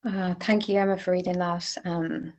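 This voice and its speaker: A woman's voice: on the low side, steady tone, moderate pace, darkish tone. A woman hosting a podcast, talking in a reflective, hesitant way with many fillers. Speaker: podcast host. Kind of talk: casual podcast discussion.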